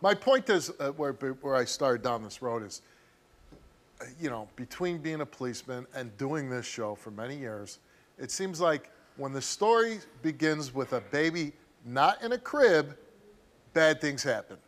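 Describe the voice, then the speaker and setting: A man's voice: mid-range voice, sing-song, measured pace, a bit bright. A middle-aged man hosting a studio talk show, questioning a guest bluntly and with animation. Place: TV studio stage.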